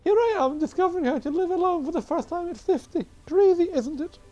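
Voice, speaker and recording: A woman's voice: very high voice, lively intonation, a little fast, a little mellow, muffled recording, pitched above the performer's own voice. A woman reading the lines of a fifty-year-old woman passenger who chats wryly about her life, in close to her own voice. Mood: confiding.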